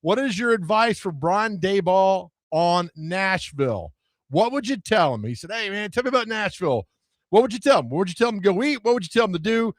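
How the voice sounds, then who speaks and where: A man's voice: high voice, animated, brisk, no echo, clean studio sound. A man co-hosting a sports talk radio show, chatting casually and animatedly, joking and slipping into mock voices. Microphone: studio microphone.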